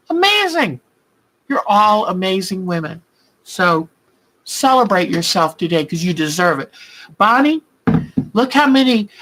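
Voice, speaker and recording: A woman's voice: medium pitch, poor audio. An older woman hosting a quilting channel, chatting casually and heartfelt with her viewers, calling them by name and often laughing with emotion. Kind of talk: casual live chat with viewers.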